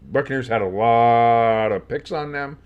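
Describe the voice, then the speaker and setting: A man's voice: medium pitch, measured pace, smooth, dull audio. Rambling male sports-fan commentator. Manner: rambling, many fillers, jumps up on big plays. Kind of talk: casual play-by-play with reactions.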